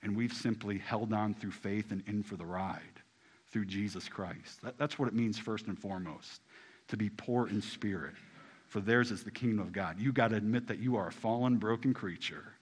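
A man preaching a sermon in casual everyday phrasing, talking straight to the congregation and swinging from hushed, low lines to loud, rising ones. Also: normal speed, breathy edge. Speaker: pastor.

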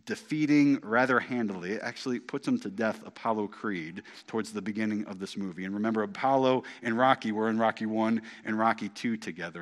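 A middle-aged man preaches with animated, emphatic energy. His mid-range voice swells loud on key points, then drops to a near hush. He hammers home ideas by repeating them. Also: mid-range voice. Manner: animated and emphatic, with big swings from loud to hushed. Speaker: pastor. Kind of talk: sermon.

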